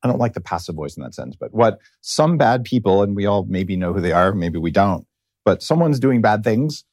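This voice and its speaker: A middle-aged man with a fairly low voice hosts a loose interview, wandering from point to point and restarting his sentences. The sound is dry and close to the mic. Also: animated, a little fast, darkish tone, dry recording. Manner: rambling, tangential, self-interrupting. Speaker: podcast host. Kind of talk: casual interview chat.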